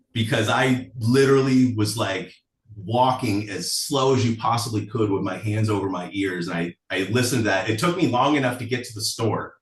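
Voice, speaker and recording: A man with a lowish voice tells personal stories in a loose, chatty way, often stopping to laugh. He sits away from the mic, and the room adds a noticeable echo. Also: fairly bright tone, recorded from a distance. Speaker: songwriter guest. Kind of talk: casual storytelling interview.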